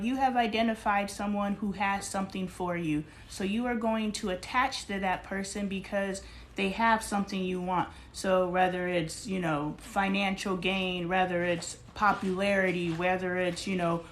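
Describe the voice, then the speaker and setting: Woman, livestream host, reflective monologue, mid pitch, faint background noise. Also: fairly even intonation, moderate pace. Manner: musing, asks listeners questions.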